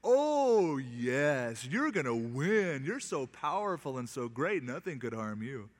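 A man voicing a blunt male prophet who mocks a king with exaggerated flattery. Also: mid-range voice, slow. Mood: sarcastic.

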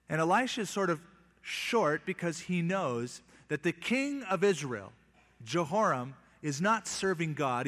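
A man's voice: fairly high pitch, a bit bright, long reverb tail. A male preacher teaching from the Bible, reading scripture and retelling it in plain, wry modern terms.

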